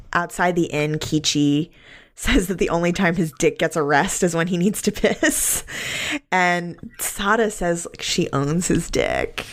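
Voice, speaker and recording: A woman hosting a podcast, casually recapping a film and laughing often as she talks. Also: on the low side. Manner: laughs often while recapping, relaxed drawn-out phrasing. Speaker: podcast host.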